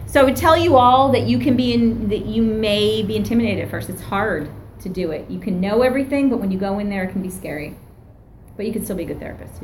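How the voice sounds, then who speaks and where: A middle-aged woman recounts her early days as a therapist in a lively, animated way. She acts out the voices of the people she quotes and laughs often. A faint hiss sits under the recording. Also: mid-range voice, poor audio. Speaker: therapist and professor. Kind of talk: animated storytelling in an interview.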